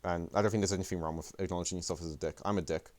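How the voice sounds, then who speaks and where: A man's voice: low voice, steady tone, rapid-fire. A young man streaming commentary on a match, rambling, profane and self-deprecating. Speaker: esports player and streamer. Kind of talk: livestream commentary.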